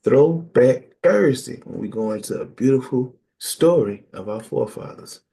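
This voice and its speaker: A man's voice: fairly low pitch, moderate pace, creaky, dark tone. A man preaching and teaching scripture in an emphatic call-and-response style.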